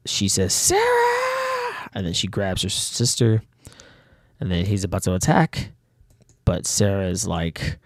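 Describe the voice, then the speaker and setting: His voice is low and a little mellow, captured at studio quality with no room sound. A comic artist and channel host, he casually discusses and reads from his own comic, rambling, laughing often, using many fillers, and troubled by his nose.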